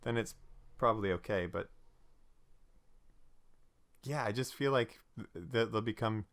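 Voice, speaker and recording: A man's voice: fairly low pitch, measured pace, a bit bright, no echo. A man co-hosting a podcast, chatting casually about tabletop games. He rambles, with frequent restarts and filler words. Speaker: podcast co-host.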